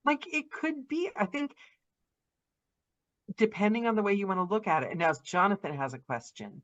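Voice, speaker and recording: A woman's voice: mid-range voice, expressive, a bit bright, lo-fi sound. A woman hosting a podcast in casual conversation, jumping in with encouraging remarks and questions. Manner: encouraging, quick interjections and questions. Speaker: podcast host.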